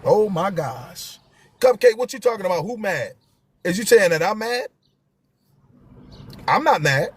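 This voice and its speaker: A man's voice: high-pitched, big pitch swings, measured pace, pauses often, slightly rough, no echo. A man, hosting a live stream and talking to viewers with passion, repeating his key phrases for emphasis.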